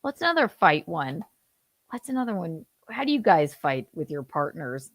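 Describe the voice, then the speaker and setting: A woman in her thirties hosting a casual livestream chat, animated and laughing, swearing freely and acting out how she yells. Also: low voice, normal speed, no echo, studio quality. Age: 30s. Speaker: host.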